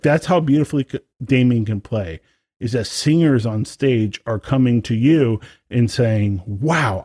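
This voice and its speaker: Dark-toned and slightly rough, a mid-range male voice comes across in a dry, clean studio recording. The speaker is a brass musician co-hosting a podcast, casually chatting and rambling with lots of fillers and restarts.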